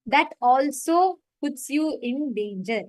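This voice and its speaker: Woman leading an online meditation class, high voice, dry close sound, storytelling. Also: animated, takes it slowly, dry recording, low-quality recording. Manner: storytelling, repeats and stresses points. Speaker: meditation program facilitator. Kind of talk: teaching on a live online session.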